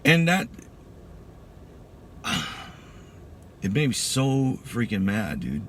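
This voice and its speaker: Low-voiced guy telling his story, casual and emphatic, says dude a lot, bit of noise behind. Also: very animated, drawn-out words. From Texas. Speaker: veteran giving a testimony. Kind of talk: personal storytelling.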